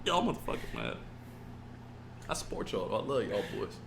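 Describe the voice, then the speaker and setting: A man's voice: on the low side, big pitch swings, moderate pace, gravelly, noisy background. A man co-hosting a casual podcast, ranting emotionally and swearing a lot. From California. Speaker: podcast co-host. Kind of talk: casual chat.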